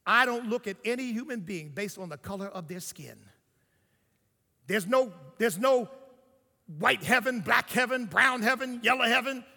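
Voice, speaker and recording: An older man preaching a sermon, telling his story and swinging between hushed lines and shouts. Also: very high voice, lively intonation, normal speed, creaky, long reverb tail.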